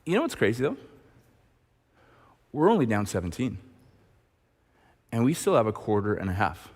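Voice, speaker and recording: A man's voice: medium pitch, big pitch swings, moderate pace, a little mellow, in a large hall. A male pastor preaching in a conversational manner, often tossing rhetorical questions to the congregation. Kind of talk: sermon. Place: church auditorium.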